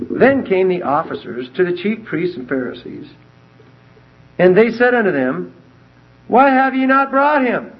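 A man giving a verse-by-verse Bible teaching, emphatic and animated as he reads scripture aloud and explains it. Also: fairly high pitch, slightly rough. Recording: dull lo-fi recording.

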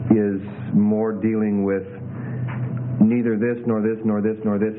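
A man teaching a classroom lesson on Greek grammar, relaxed and hesitant, with many fillers. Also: lowish voice. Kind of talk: classroom lecture. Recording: tinny lo-fi with faint hiss.

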